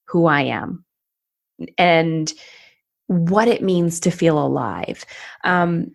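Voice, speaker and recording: A woman in her thirties, a podcast guest telling her personal story in conversation and acting out what she and others said. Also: mid-range voice. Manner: animated, acts out her past self and others in quoted asides.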